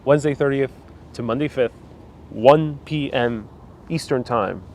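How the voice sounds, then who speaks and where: A man with a New York accent chats on a live stream from outdoors, answering viewers in a loose, rambling way. His pitch sits right in the middle of a man's range. Faint city traffic hums in the background. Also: a little slow, darkish tone. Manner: chatty, rambling, with frequent fillers and restarts. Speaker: vlogger hosting a live stream.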